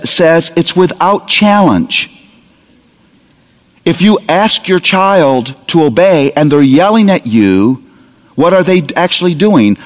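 A man delivers a sermon with a lively, swooping delivery and a slightly high voice. He slips into little acted scenes and jokes. His voice rings with the long reverb of a large hall. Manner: animated, humorous, acts out parent dialogue. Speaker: pastor.

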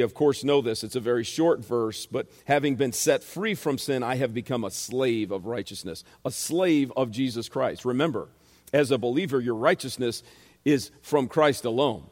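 A man's voice: mid-range voice, a little mellow. A male pastor delivers a sermon with emphatic, repetitive rhetorical questions. His mid-range voice carries a long reverb from the church hall around him. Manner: emphatic, repeats phrases and asks rhetorical questions. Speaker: pastor and Bible teacher.

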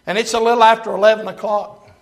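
A man preaching a sermon, rising to loud, emphatic peaks and dropping to hushed, low passages. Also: level tone, quick pace.

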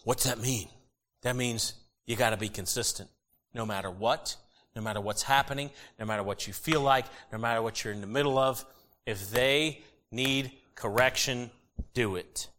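Middle-aged preacher guy, bright ringing voice, jokey, gets loud out of nowhere. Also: mid-range voice, moderate pace. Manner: animated, jokey, sudden loud bursts. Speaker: pastor. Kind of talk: sermon.

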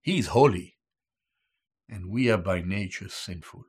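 A man preaching a sermon as a Bible teacher, slow and emphatic, repeating each key term in Hebrew and English. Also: sits low, breathy edge.

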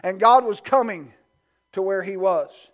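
In a high, unhurried voice, a man preaches a fervent sermon. He puts rhetorical questions to the congregation and builds his points through repeated phrases.

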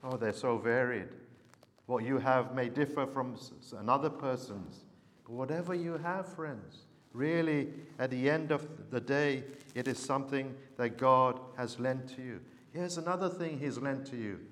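Male preacher in a reverberant hall. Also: medium pitch. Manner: unhurried storytelling, earnest. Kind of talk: sermon.

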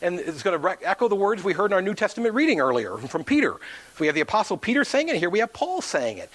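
A man preaching a sermon to his church, telling a story and acting out the people in it. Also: fast. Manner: animated preaching, acts out quoted voices with big pitch swings. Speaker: pastor.

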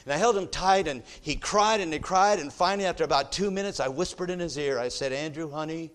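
A middle-aged man preaching a sermon, telling a personal story and swinging from hushed, soft passages to loud, forceful exhortation. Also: high voice, fast talker. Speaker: pastor.

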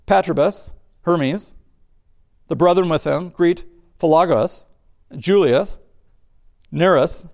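Man, pastor, sermon, chatty asides and humor, gravelly, fairly high voice. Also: darkish tone. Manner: conversational preaching with asides and humor.

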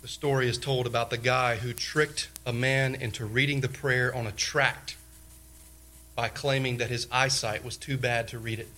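A male pastor preaching a sermon, repeating key phrases emphatically and swinging between loud declarations and hushed lines. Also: medium pitch, level tone, normal speed.

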